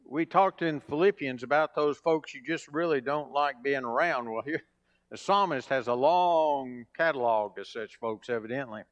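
A man's voice: mid-range voice, moderate pace. A man preaching a sermon, quoting scripture and building emphasis on his points.

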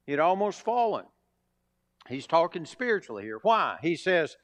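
A man's voice: high voice, very animated, moderate pace, fairly bright tone. A man preaching a sermon, quoting scripture and building emphasis on his points.

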